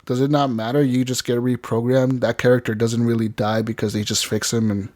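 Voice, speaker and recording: Co-hosting a gaming podcast, this man tells a long, rambling tale with plenty of fillers and laughs, acting out lines from the game in casual chat. He speaks briskly in a level, darkish, medium-pitched voice, with no room sound at all.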